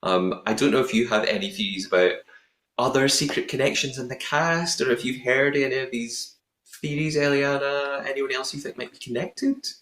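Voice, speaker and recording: A man's voice: medium pitch, normal speed, a bit bright. A man hosting a podcast, recapping an episode in a playful, chatty way with lots of puns. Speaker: podcast host. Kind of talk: casual podcast recap chat. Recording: roomy echoing room sound.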